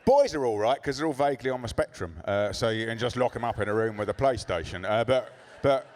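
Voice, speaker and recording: A man doing a stand-up comedy set in a club, sardonic and profane with deadpan asides. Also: mid-range voice, fast.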